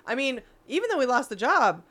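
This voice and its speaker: Lively, laughing woman podcast host. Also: high-pitched, fairly quick. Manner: laughs a lot, profane and animated. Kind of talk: casual comedic chat.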